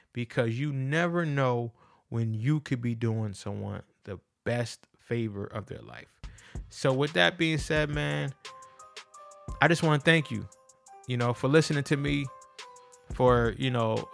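A man's voice: medium pitch, creaky, a bit bright. A man hosting his own podcast, talking in an earnest, casual motivational monologue and repeating phrases for emphasis. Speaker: podcast host.

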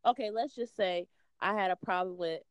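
A woman's voice: medium pitch, moderate pace, no room sound. A young woman, chatting casually on a podcast with playful asides. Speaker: podcast co-host.

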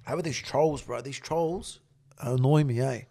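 A man's voice: mid-range voice, moderate pace, gravelly. A middle-aged man, a podcast guest telling stories in casual chat. He talks animatedly, swears a lot and acts out what others said. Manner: animated, swears heavily, acts out quoted dialogue.

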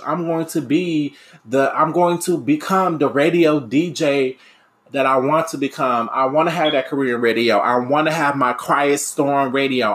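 With a fairly high, slightly bright voice, a young man who wants to be a radio DJ and podcaster muses openly about himself. The monologue rambles, stuffed with fillers and sentences he begins again.

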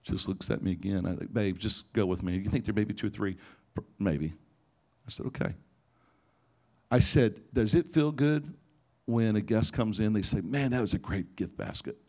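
A pastor with a fairly low, darkish voice preaches at normal speed. He tells personal stories and acts out conversations, often restarting his sentences.

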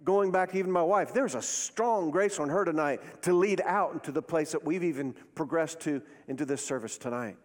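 A man's voice: fairly high pitch, normal speed, few pauses, big-room sound. A male pastor preaching a sermon, leading his congregation in call-and-response with rising, emphatic phrases. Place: church sanctuary.

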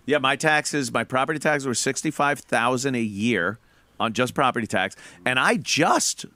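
A man's voice: medium pitch, normal speed, no echo. A man co-hosting a podcast, chatting casually with profane, laughing rants. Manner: profane, laughing, animated ranting. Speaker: podcast co-host. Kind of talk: casual chat.

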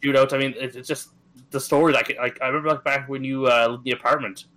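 A man in his thirties from Atlantic Canada co-hosts a casual gaming podcast. His voice has a bright, forward tone at a middle pitch. He talks in an easygoing way, with lots of fillers and restarts. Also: steady tone, fast, rough recording. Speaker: podcast co-host.

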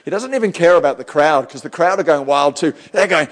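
A male pastor preaches with fervor in a slightly high voice. He swings between loud, urgent lines and hushed ones. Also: lively intonation, brisk, hardly any pauses. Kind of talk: live sermon.

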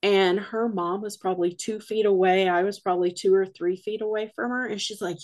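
A woman's voice: mid-range voice, fairly even intonation, fairly quick, few pauses, a little mellow. A woman guest on a podcast, a paranormal investigator, telling a rambling story full of quoted dialogue in a casual way.

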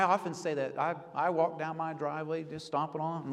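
A male pastor preaching an earnest sermon, rising to pleading and then dropping to hushed reflection. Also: fairly high pitch, steady tone, moderate pace, few pauses, big-room sound.

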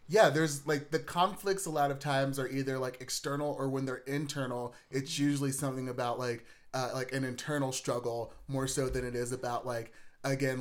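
Rambling man, constant "like" fillers. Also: mid-range voice. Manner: rambling, heavy use of "like". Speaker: podcast co-host. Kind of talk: casual podcast discussion.

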